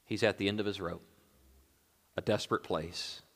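A male pastor preaching a sermon, moving between hushed, quiet lines and raised, emphatic passages. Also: low voice, fairly even intonation, moderate pace, big-room sound.

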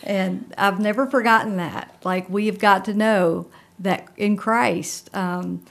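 A woman pastor co-hosting a faith talk show, speaking in a gentle, encouraging and reflective way. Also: mid-range voice, fairly even intonation, slow pace, vocal fry. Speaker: pastor and co-host. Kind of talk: faith conversation.

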